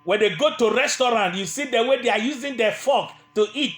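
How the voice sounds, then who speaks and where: A man's voice: very high-pitched, brisk, a bit bright, roomy sound. A man preaching a sermon, emphatic and repetitive, sometimes mimicking the people he criticizes.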